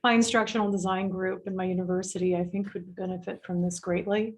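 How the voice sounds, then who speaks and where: A woman's voice: fairly low pitch, level tone, fairly quick. A woman in the audience asking a question during an online Q&A, friendly and hesitant in her phrasing. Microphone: video call.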